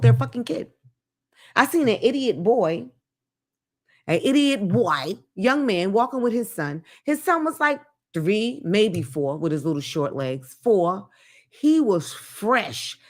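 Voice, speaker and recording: Woman, podcast host, comedic rant, profane, blunt, very lively pitch swings. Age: adult with grown children.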